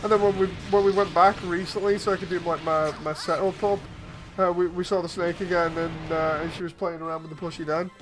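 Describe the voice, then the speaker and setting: A man's voice: high-pitched, flat delivery, brisk. Male streamer, casual chat, chuckling, faint music behind. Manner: amused, chuckling anecdotes.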